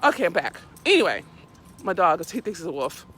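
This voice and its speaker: A woman live-streams casually as she walks her dog outside, preaching bluntly and cursing a lot in an animated way. Her voice is lowish and brisk, with slight background noise.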